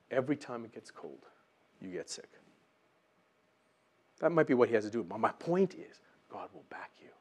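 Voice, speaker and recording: A man preaching a sermon, animated and acting out voices in his Bible stories. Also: medium pitch.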